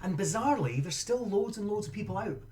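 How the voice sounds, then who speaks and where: Brief: male educator, chatty and rambling, slightly higher voice. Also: expressive, fast talker, a little mellow, a little hiss or hum. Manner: chatty, rambling, self-interrupting. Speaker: educator live-streamer. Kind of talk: live-streamed game lesson, casual chat.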